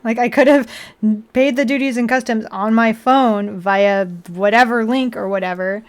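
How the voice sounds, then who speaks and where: A woman's voice: fairly high pitch, moderate pace, clear, resonant tone. A woman chatting casually on a live stream at home while building a model kit, laughing often and acting out her own annoyed comebacks. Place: indoors at home.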